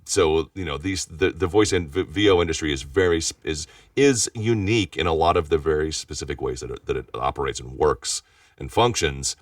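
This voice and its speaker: A man's voice: a bass voice, no room sound. A man, a voice actor and studio owner, speaking as a guest in a casual interview and often restarting his sentences. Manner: rapid talker with frequent restarts and repeated words. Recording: distant mic, dry sound.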